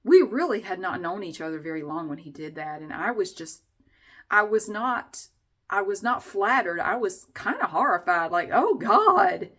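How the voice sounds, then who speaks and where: A woman's voice: mid-range voice, lively intonation, normal speed, a bit bright. A middle-aged woman vlogging at home, chatting casually to the camera in a rambling, candid way and swearing a little. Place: at home, indoors.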